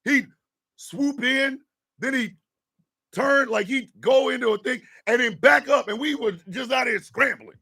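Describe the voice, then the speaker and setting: A middle-aged man, hosting a morning radio show and telling profane, animated stories with shouted impressions. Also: very high voice, a little slow, vocal fry, slightly rough, distant mic. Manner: animated storyteller, profane, mimics drill sergeants.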